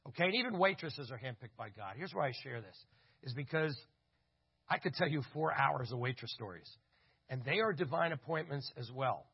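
A man's voice: medium pitch, gravelly, husky, muffled recording. A man speaking at a church conference, teaching through stories with lots of quoted back-and-forth dialogue and references to photos.

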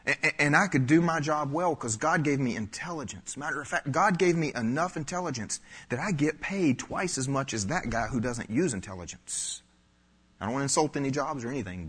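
Husky pastor preaching. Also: male voice, mid-range voice. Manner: animated preaching that acts out imagined voices. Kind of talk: sermon. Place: church before a live congregation.

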